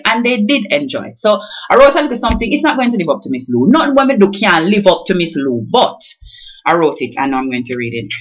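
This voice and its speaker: A woman's voice: medium pitch, expressive, fast. A woman from Jamaica with a Jamaican accent, talking casually to camera and switching between English and patois. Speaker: vlogger. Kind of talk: casual vlog with a recited poem.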